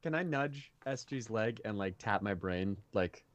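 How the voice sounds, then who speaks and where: A man's voice: lowish voice, animated, measured pace, muffled recording, noisy background. Blunt, swearing male player. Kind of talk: casual tabletop game chat.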